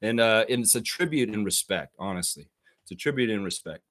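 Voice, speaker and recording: A man hosting a live basketball stream, chatting casually and reacting excitedly to viewer comments. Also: on the low side. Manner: animated, excitable, quick to laugh at his own bits. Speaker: livestream basketball show host.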